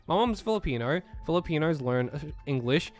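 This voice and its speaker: A man's voice: a little high, animated, a little fast, faint music behind. Laid-back streamer man with an American accent. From Australia. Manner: laughs often, easygoing, trails off with fillers. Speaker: live streamer. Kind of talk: casual live-stream chat, reading chat questions.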